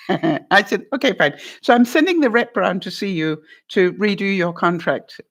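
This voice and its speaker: An older woman vlogger giving life advice, telling a story in a casual, animated way and acting out both sides of a phone call. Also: medium pitch, unhurried.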